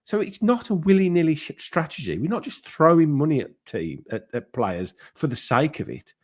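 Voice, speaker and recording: A man runs his own football fan channel, offering opinions in a casual monologue that wanders with fillers and restarts. He speaks at normal speed in a sing-song voice on the high side.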